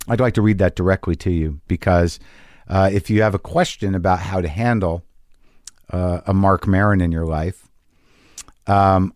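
A man's voice: sits low, a little mellow, no echo, clean studio sound. A middle-aged man from New Jersey hosting a podcast, telling a rambling, profane, self-mocking comic story in an anxious rush. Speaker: podcast host.

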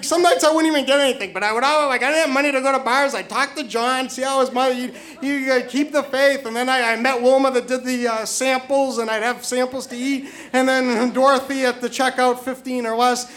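A man with a strikingly high voice tells a personal story, tripping over his words and repeating himself as he goes. He chuckles lightly along the way. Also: steady tone, fast talker, few pauses, a bit bright. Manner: stammering, repeats words, chuckles through the telling.

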